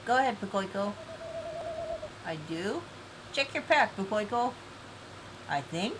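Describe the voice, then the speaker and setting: Woman streamer, teasing and giggly, unhurried; desk mic, noisy home recording. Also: medium pitch, animated, fairly bright tone. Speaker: streamer running a game event. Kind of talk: casual live-stream chat, reading game text aloud.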